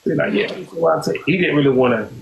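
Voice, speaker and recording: Here a podcast host, pitched fairly high, rattles through a personal story at a quick clip, his voice showing vocal fry. He rambles casually and keeps returning to "you know what I'm saying." Crowd noise is audible, and the echoey room carries a faint hiss.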